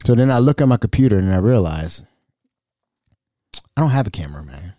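A man's voice: fairly low pitch, big pitch swings, fairly quick, warm tone, dry recording, clean studio sound. A young adult man hosting a podcast, telling a comic story in a loose, rambling way with frequent restarts. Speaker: podcast host. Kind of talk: casual podcast monologue.

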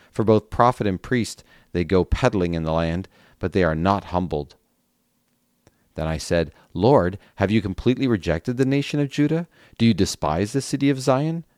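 A man reads scripture aloud in a deep, low voice. His delivery is earnest and steady, with occasional relaxed asides full of small fillers. The sound is dry and close, with no room around it. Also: no room sound. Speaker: Bible reading podcast host. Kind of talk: Bible reading with brief commentary.

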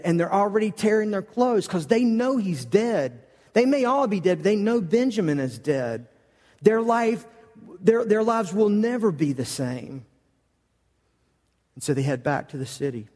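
High-voiced animated preacher in echoey hall. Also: male voice. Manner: animated storytelling with frequent stammered repeats. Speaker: pastor. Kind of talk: sermon. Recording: echoey hall with long reverb.

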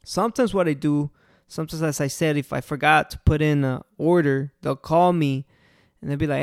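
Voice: mid-range voice, moderate pace, no room sound, clean studio sound. A restaurant owner giving casual, earnest customer-service advice and repeating the key points for emphasis.

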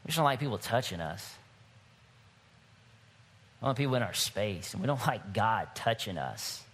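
A man's voice: expressive, moderate pace, fairly bright tone, slightly rough. A man preaching a sermon to his church, shifting from wry, conversational storytelling to emphatic, rising exhortation. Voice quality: bald-headed man, higher-pitched voice. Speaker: pastor.

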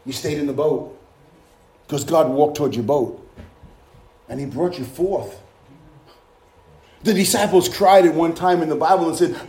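In a spacious, echoing room, a male pastor with a high voice preaches a sermon with fervor, shouting hallelujahs between his points. He fires rhetorical questions at the congregation at a normal pace, pausing often, his tone warm.

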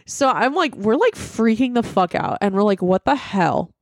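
A young woman co-hosting a podcast, telling a story in casual chat, animated and profane, acting out quotes. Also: on the high side, normal speed, dry recording, clean studio sound. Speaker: podcast co-host.

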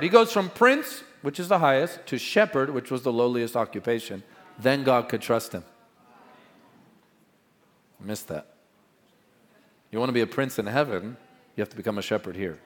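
A middle-aged male pastor preaching a sermon, swinging between loud proclamations and quiet asides. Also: mid-range voice, animated, normal speed, pauses often, in a large hall.

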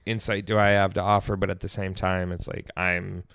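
Man, casual podcast co-host, low gravelly voice, rambling chat, smooth, dry close sound. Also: little pitch movement, fairly quick, a bit bright, no room sound. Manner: rambling, laughs often, swears casually.

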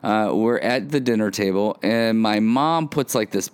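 A man's voice: on the low side, measured pace, clear, resonant tone, no echo. Rambling male preacher, dry sound. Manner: rambling, filler-heavy, self-deprecating humor. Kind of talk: casual sermon with personal story.

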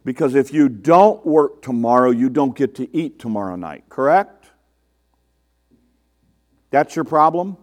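A man's voice: mid-range voice, expressive, moderate pace, a little mellow. A man preaching a sermon to his congregation in a conversational way, asking rhetorical questions and mimicking the people he quotes. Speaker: pastor.

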